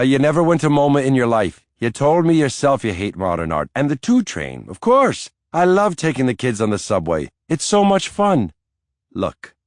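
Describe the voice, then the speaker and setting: A man's voice: medium pitch, dry recording, studio quality, voice pushed up, close to an everyday voice. A man narrating an audiobook voices a cheerful young Irish nanny with an Irish accent, teasing and playful.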